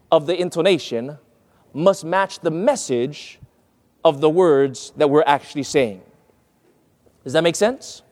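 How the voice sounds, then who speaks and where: Man preaching, voice jumps all over, high and lively, long echo like a big hall. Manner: emphatic, drawn-out key words, addresses listeners as friends. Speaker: preacher teaching on speech. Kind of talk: sermon lecture with quoted readings.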